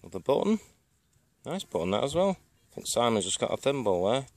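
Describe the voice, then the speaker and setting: A man commenting on his dig finds outdoors in a deadpan, dryly understated way, some distance from the camera. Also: medium pitch, brisk, no room sound. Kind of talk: casual commentary.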